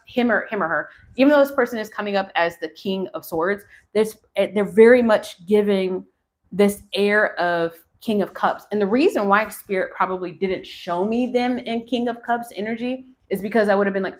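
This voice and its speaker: With a medium-pitched voice at an ordinary pace, a tarot reader in her forties muses aloud. She's doing a live reading, talking to viewers between card pulls.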